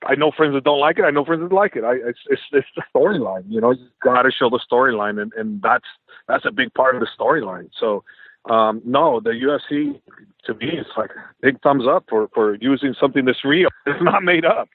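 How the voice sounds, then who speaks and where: A man's voice: mid-range voice, fairly quick, no echo. A man, an MMA coach, telling stories in a phone interview and acting out quoted dialogue with lots of energy. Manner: animated, acts out quoted dialogue. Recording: tinny phone line, dry.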